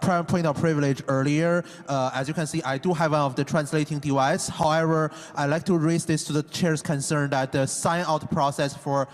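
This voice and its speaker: A male delegate addresses a convention floor in a hesitant way, with many pauses and fillers. His voice is slightly high, and a long reverb from a large hall trails behind it. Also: fairly even intonation. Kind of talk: formal floor speech.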